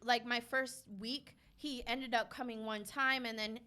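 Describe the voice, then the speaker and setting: A woman's voice: on the high side, fairly even intonation, a little slow, pushed and bright, clear, resonant tone. A young woman guest on a podcast, chatty and sassy, telling a story with lots of swearing. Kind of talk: casual storytelling chat.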